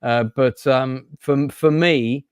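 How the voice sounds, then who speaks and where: A man's voice: medium pitch, fairly even intonation, slow pace, clean tone, dry recording, clean studio sound. A man hosting a casual film and TV chat, talking in a rambling, hesitant way with many restarts. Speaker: host.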